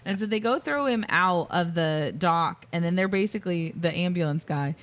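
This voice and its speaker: A woman's voice: fairly low pitch, moderate pace. A woman co-hosting a casual film review podcast, retelling scenes at length with lots of ums and likes. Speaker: podcast co-host.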